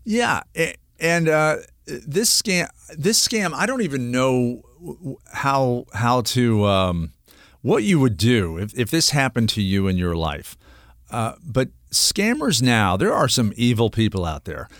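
A man's voice: medium pitch, very animated, unhurried, fairly bright tone, no echo, clean studio sound. Earnest rambling middle-aged radio host man. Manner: earnest, rambling with many restarts and fillers. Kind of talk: casual radio talk segment.

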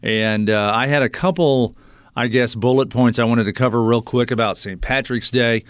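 Relaxed male radio host, dry studio. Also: mid-range voice, moderate pace, clean tone, dry recording. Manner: relaxed, many fillers. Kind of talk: casual radio chat.

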